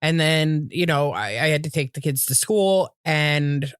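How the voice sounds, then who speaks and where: A woman's voice: sits low, unhurried, clean tone, no echo, studio quality. Swearing, rambling woman podcast co-host. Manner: rambling storyteller, swears freely, acts out voices. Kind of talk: casual chat.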